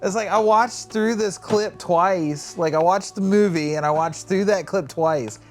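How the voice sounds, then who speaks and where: A man co-hosting a podcast in casual chat, telling stories in a rambling, animated way and acting out quotes with swearing. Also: sits high, unhurried, faint music behind. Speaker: podcast co-host.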